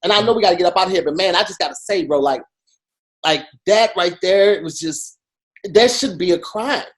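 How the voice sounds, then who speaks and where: A man co-hosting a podcast in casual chat, emphatic and animated, with many restarts as he talks. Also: sits high, brisk. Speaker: podcast co-host.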